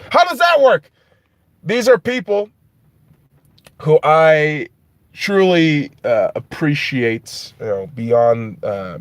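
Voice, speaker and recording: A man hosting a podcast, ranting casually and profanely in an animated, rambling way. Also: a little high, no echo. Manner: animated, rambling, heavy swearing. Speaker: podcast host.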